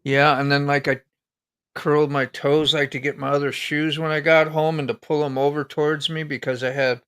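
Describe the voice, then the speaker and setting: A man's voice: on the high side, level tone, normal speed, fairly bright tone, clear, resonant tone. A man hosting a live stream, chatting casually in a joking, rambling way and laughing often. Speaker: livestream host.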